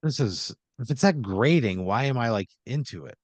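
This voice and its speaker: A man's voice: medium pitch, expressive, dry recording. A man co-hosting an improvised comedy podcast, reacting with disbelief. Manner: incredulous quick reactions. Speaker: podcast co-host.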